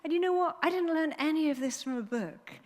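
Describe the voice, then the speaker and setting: A woman therapist giving a motivational talk to a live audience. She speaks in a lively way and acts out inner dialogues in changing voices. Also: high voice, a little fast. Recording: echoey hall with long reverb.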